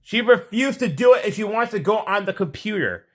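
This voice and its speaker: A vlogger with a high-sitting voice and a brisk pace tells his viewers a story straight to camera. He rambles, repeats himself, and stays animated, finishing with a moral and a sign-off.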